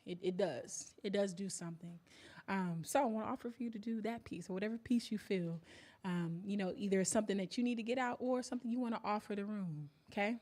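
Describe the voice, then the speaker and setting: A woman's voice: mid-range voice, quick pace. A woman hosting a poetry open mic on a cafe stage, talking casually and hyping up the crowd. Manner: lively, hypes up the crowd, casual slang.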